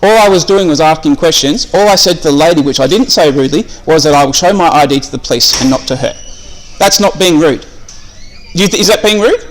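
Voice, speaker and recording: A man's voice: on the high side, fast talker, a little hiss or hum. Insistent Australian man arguing. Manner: insistent, argumentative, repeats his questions. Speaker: member of the public filming police. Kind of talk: confrontational argument. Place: police station reception area, indoors.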